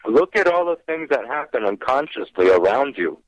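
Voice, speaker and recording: Over a dull, dry phone connection, a caller to a paranormal radio show recounts a personal ghost encounter and performs his own lines as he goes. He has a mid-range voice, speaks at a normal speed, and is very animated.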